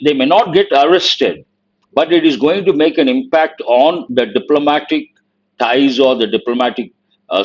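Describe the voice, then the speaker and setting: A man's voice: medium pitch, lo-fi sound. A man teaching an online exam-prep class. He explains an editorial line by line, stops to give word meanings, and puts questions to the students.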